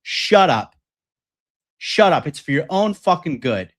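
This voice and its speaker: Slow and sing-song, with a voice on the high side, a young dating coach rants on his livestream, rambling, swearing, and leaning heavily on fillers as he talks bluntly.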